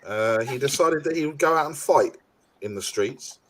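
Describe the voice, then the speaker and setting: A man, mid-pitched, tells a rambling podcast anecdote. He leans on fillers and acts out the quoted dialogue in his story. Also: expressive, moderate pace, fairly bright tone. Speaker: podcast co-host. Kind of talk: casual chat.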